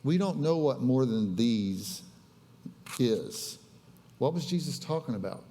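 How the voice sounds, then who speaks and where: A man's voice: medium pitch, animated, takes it slowly, warm tone. A male pastor preaching a casual sermon, chatting with the congregation and telling stories in a conversational way. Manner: conversational, storytelling with audience asides. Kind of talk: casual sermon with live demonstration. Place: church sanctuary. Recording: long reverb of a church hall.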